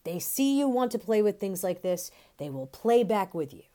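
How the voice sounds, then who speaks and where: A woman voicing a stern father who scolds firmly and gravely. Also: medium pitch, sing-song, moderate pace, mellow, lightly acted. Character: stern, angry religious father.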